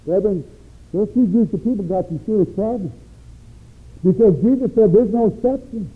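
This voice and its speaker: A man's voice: high voice, moderate pace, breathy edge. A man preaching a sermon with an emphatic, rising and falling cadence. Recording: tinny phone-like recording.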